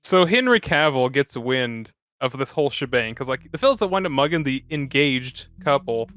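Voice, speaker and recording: A man's voice: mid-range voice, lively intonation, fairly bright tone, clean tone, no echo. A man co-hosting a casual film chat, cracking jokes and swearing. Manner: quick, joking, profane. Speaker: podcast co-host. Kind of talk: casual chat about a film over beer.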